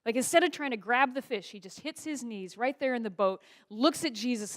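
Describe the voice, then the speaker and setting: A woman's voice: a little high, fairly quick, hardly any pauses. A woman pastor preaching a sermon in a church, asking the congregation rhetorical questions. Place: church sanctuary.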